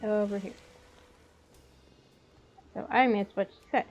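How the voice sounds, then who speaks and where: A woman streaming a game, making quiet musing asides as she plays. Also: mid-range voice, steady tone, slow pace, faint music behind, poor audio. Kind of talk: casual gameplay commentary.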